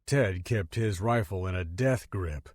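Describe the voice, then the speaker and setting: A man narrating a thriller audiobook in an even, measured way. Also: low voice, no room sound, studio quality. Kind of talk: scripted narration.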